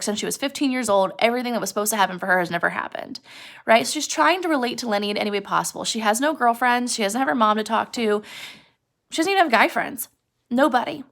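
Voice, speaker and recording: Teacher, female, gravelly voice, pitched a little high, chatty classroom retelling of a chapter with acted-out dialogue. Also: a bit bright. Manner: casual, chatty retelling that acts out lines of dialogue. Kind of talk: retelling a novel chapter to students.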